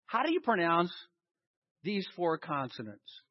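A man's voice: fairly high pitch, brisk, dry recording. A man preaching a sermon, quizzing his listeners with questions and answering them himself. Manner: animated, asks the congregation questions and answers them. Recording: dull lo-fi recording.

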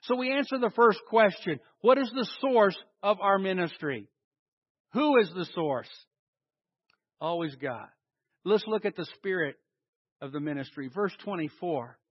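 A male pastor delivering a sermon, swinging between loud emphasis and quiet asides, and leading the congregation in call and response. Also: high voice, lively intonation, unhurried, breathy edge, no echo, highs cut off. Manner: dynamic preaching with big swings in loudness and emphasis. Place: church hall with a congregation.

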